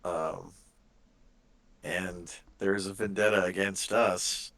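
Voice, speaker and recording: A man playing in a tabletop game, chatting casually and thinking aloud with halting restarts. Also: deep voice, steady tone, vocal fry, a bit bright. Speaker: player.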